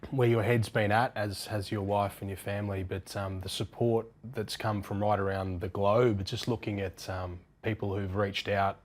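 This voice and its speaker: A man interviewing a guest, asking measured questions with many ums. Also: on the low side, flat delivery. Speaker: sports interviewer. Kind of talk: sit-down interview.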